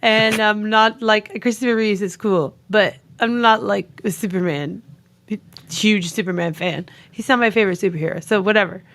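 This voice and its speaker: A woman co-hosting a movie podcast in casual chat, giggly and animated, telling stories with silly voices. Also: medium pitch, moderate pace. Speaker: podcast co-host.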